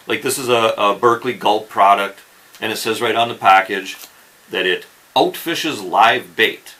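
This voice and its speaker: Lively low-voiced man hosting a fishing show. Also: a little hiss or hum, low-quality recording. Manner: chatty, keeps checking in with "okay?" and "right?". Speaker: fishing channel host. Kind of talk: casual instructional talk to camera.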